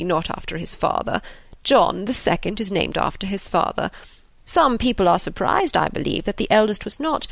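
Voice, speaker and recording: In an audiobook, a woman voices a fretful, anxious elderly father, speaking slowly with sighs. Her delivery is medium-pitched and creaky, with no echo.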